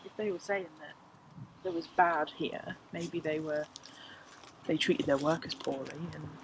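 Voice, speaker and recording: Soft-spoken low woman. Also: unhurried, slight background noise, rough recording. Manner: soft-spoken, thinks aloud. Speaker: paranormal investigator. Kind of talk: casual on-location chat.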